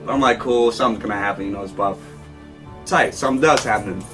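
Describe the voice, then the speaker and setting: A man's voice: lowish voice, fast talker, far from the mic. Slangy man spinning a story over music. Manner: animated, acts out quotes, slangy. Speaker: interview guest. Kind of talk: casual storytelling.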